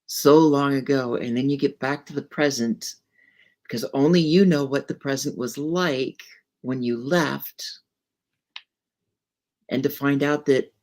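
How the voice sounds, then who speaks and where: A woman hosts a podcast and muses in casual conversation. She slips into storytelling and restarts her phrases as she goes. Her voice sits fairly low for a woman. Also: a little mellow. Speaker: podcast host.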